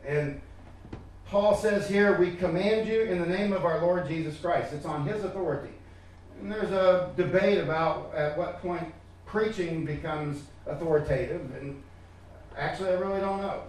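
High-voiced man preaching in an echoey church. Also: darkish tone, slight background noise. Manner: emphatic, repeats words, addresses listeners directly. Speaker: pastor. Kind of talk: sermon. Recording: echoey room from far off.

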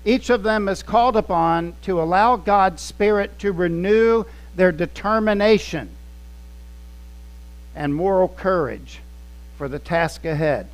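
A man's voice: high-pitched, unhurried, poor audio. A male pastor preaching in a conversational way, telling anecdotes and acting out scenes as he goes. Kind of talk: storytelling sermon.

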